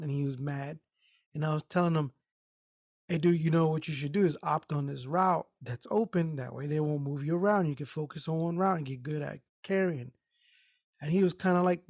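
A man's voice: fairly high pitch, darkish tone, dry recording. Man, podcast co-host, casual storytelling, profane, quotes voices, dry close mic.

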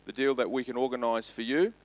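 An Australian man voicing a dentist who pitches a deal in brisk salesman patter. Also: steady tone, close to an everyday voice. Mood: salesy. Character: male dentist, salesy, growing exasperated.

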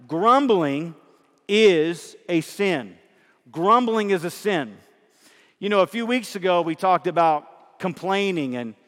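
A man's voice: sits high, fairly bright tone, long reverb tail. A middle-aged man, a pastor preaching a sermon in a conversational way, asking the congregation questions.

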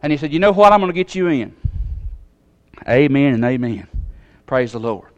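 A man from Tennessee, telling a personal story in a sermon, acting out the voices and swinging from loud to soft. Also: medium pitch, lively intonation, moderate pace, lo-fi sound.

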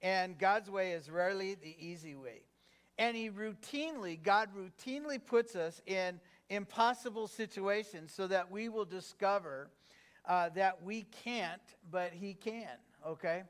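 A high-voiced man preaching as pastor. He keeps it conversational, with fillers and restarts, and keeps turning to the congregation with questions. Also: unhurried, a bit bright. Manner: engaging, asks the congregation questions. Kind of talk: sermon.

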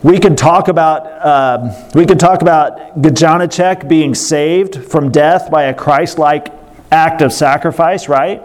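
A man's voice: a little high, a little slow, darkish tone. A man preaching a sermon, telling a story earnestly and breaking off for casual asides to the congregation.

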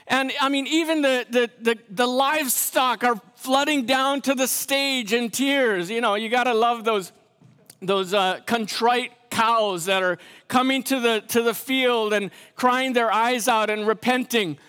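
A very high-pitched man delivers a joking sermon at an unhurried pace, stumbling over restarts and then falling to a hush for effect. His voice rings with a long reverb, as if he's in a large hall. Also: clear, resonant tone. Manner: storytelling with frequent restarts and sudden quiet, dramatic drops. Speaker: pastor. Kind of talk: humorous sermon.

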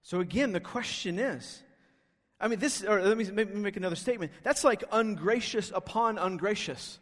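High-voiced pastor preaching in a hall. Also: male voice, moderate pace. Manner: emphatic, rhetorical questioning. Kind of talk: sermon. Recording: long reverb of a hall.

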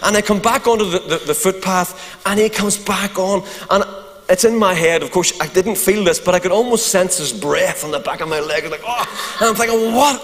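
A man with a Northern Irish accent, a pastor telling a funny story to a congregation in an animated, joking way. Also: high voice, brisk, long reverb tail. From Northern Ireland. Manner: animated, humorous anecdote with asides to the crowd. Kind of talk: sermon storytelling.

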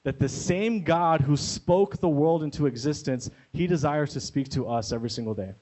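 A young man preaches in a relaxed, conversational way. He keeps checking in with his listeners through quick "right?" tags. His voice sits a little high for a man. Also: rough recording. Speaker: pastor. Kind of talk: sermon.

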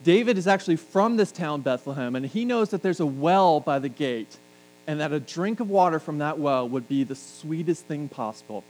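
A man's voice: a little high, animated, moderate pace, darkish tone, low-quality recording. Joking, conversational male preacher. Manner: conversational, joking asides to the congregation. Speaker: pastor. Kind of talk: sermon. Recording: faint mains hum.

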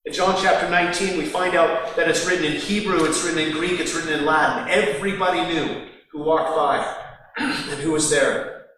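A man's voice: a little high, fairly even intonation, moderate pace, fairly bright tone. A man preaching a sermon, acting out the mockers' lines with sarcasm. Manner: acts out the mockers' voices with sarcasm. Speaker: pastor. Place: large echoing hall. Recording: distant mic in a reverberant hall.

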